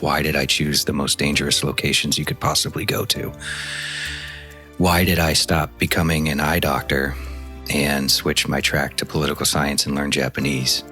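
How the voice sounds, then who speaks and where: A man's voice: rumbling low, bright, forceful tone. A man from the American Midwest telling his story candidly in an interview, animating it with quoted dialogue. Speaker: former intelligence officer guest.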